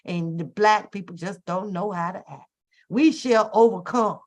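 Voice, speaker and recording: A woman hosting a casual live stream, speaking. She talks in an animated, exasperated way and rants about whatever annoys her, with plenty of profanity. Her delivery is loose and conversational, like she is talking straight to her viewers. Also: mid-range voice, a little slow. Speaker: host.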